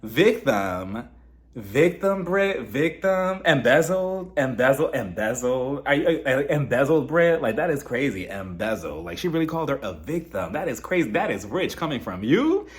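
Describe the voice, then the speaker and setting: A young man giving a casual recap of a reality show, animated and mocking, often acting out the cast members' lines. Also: medium pitch, moderate pace, hardly any pauses.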